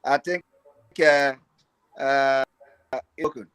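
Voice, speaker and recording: A man's voice: mid-range voice, steady tone, slow, a bit bright, clean tone, rough recording. A man with a Nigerian accent teasing friends in Pidgin English on an online call, stumbling over fillers. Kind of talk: casual group chat in Nigerian Pidgin English.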